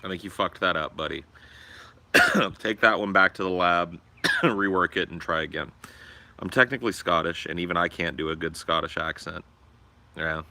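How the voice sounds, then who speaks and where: A young man with a very low voice and a hard, forceful edge chats casually on a livestream. He is crude and profane, joking his way along. His delivery stays loose and unscripted. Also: moderate pace, no echo. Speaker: livestream host.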